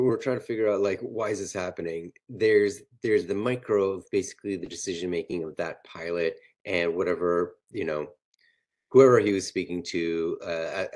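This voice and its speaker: A man with a very low voice hosts an analytical panel discussion. He reasons through scenarios out loud in a measured way, with frequent fillers. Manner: measured, thinking aloud with fillers.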